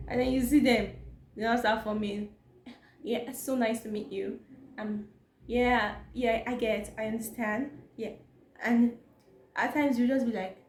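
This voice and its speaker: Animated Nigerian woman vlogging. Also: mid-range voice. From Nigeria, Edo State. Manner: animated, exasperated, mocking asides. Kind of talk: casual commentary to camera. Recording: echoey room with background noise.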